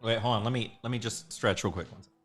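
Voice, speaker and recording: A man's voice: fairly low pitch, steady tone, fast talker, music in the background. A man who draws on a live stream, chatting casually with lots of giggling and rambling asides. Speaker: sketch artist streaming live.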